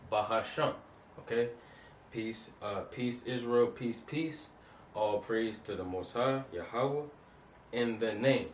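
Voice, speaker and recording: Man teaching in a roomy, distant recording. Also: on the low side. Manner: repetitive, keeps asking "you understand that?"; casual, street-style phrasing. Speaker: Hebrew teacher. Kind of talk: informal lesson over slides. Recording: roomy, distant mic, faint noise.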